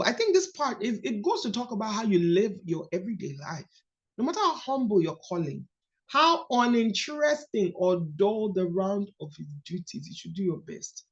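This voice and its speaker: Animated Nigerian woman coaching. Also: mid-range voice, dull audio. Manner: animated, storytelling, emphatic. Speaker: coach leading a book study call. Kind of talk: casual teaching talk.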